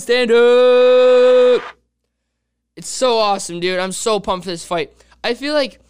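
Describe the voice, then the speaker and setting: A man hosting a podcast, talking in a casual, excitable and rambling way, constantly saying "dude". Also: high voice, smooth. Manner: rambling fan talk with restarts. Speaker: podcast host.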